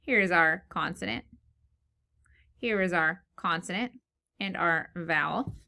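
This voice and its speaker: A woman teacher leading a phonics lesson for young children, slow and encouraging, sounding out words syllable by syllable. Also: fairly low pitch, gravelly, bright, forceful tone. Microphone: recorded lesson video.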